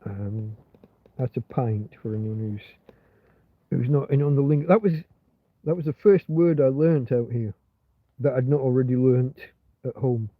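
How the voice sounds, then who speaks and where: A man's voice: medium pitch, a little slow, pauses often, no room sound. A man hosting a rambling, casual livestream chat, meandering with many restarts and fillers. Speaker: livestream host. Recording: tinny phone-like sound.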